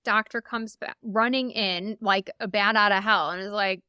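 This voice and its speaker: A woman in her thirties telling her own birth stories as a podcast guest, animated and acting out the voices of the people she quotes. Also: mid-range voice, moderate pace, few pauses, clear, resonant tone, dry recording, studio quality. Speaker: podcast guest, memoir author. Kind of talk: casual storytelling.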